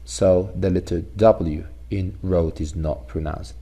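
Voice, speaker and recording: A male teacher giving a recorded phonics lesson, explaining slowly and repeating sounds and example words. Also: low voice, animated, creaky, mellow.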